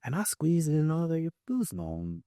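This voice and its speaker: Animated New York man telling a story. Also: fairly high pitch, normal speed, no echo, clean studio sound. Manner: animated, acts out quoted voices. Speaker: podcast guest. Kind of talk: casual storytelling.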